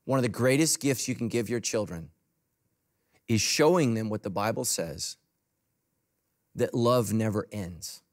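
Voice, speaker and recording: A man preaching a sermon as pastor to a congregation in a church. He talks emphatically, swinging between loud, punchy lines and soft, low asides. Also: animated, unhurried, pauses often.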